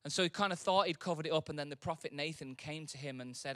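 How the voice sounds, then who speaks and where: A man's voice: fairly high pitch, quick pace, few pauses, no room sound. Guy preaching, chatty then fired up, dry close sound. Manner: conversational, swelling into impassioned loud preaching. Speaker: pastor. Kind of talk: sermon.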